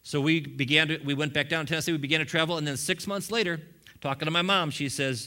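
Bright-voiced middle-aged male pastor. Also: fairly high pitch, fast. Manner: animated storytelling with humorous asides. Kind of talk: sermon testimony.

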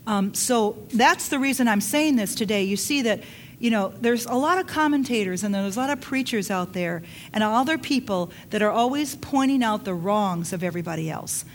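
A woman's voice: mid-range voice, lively intonation, normal speed, a little hiss or hum. A woman pastor preaching a sermon in an earnest, repetitive way, with bursts of laughter.

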